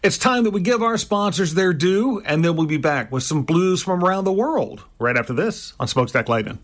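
A man hosting a blues radio show, introducing songs in a smooth, upbeat announcer style. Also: sits high, expressive, a little fast. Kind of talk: radio DJ presentation.

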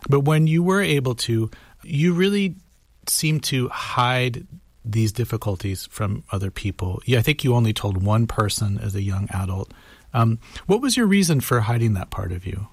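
A man interviewing an author, asking questions in a gentle, conversational way. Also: mid-range voice, animated, moderate pace, gravelly, husky, dry recording.

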